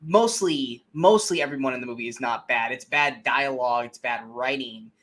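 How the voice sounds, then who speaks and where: A young man co-hosts a podcast, casually discussing films and delivering blunt, emphatic opinions loaded with swearing. He speaks at a moderate pace in a mid-range, somewhat bright voice.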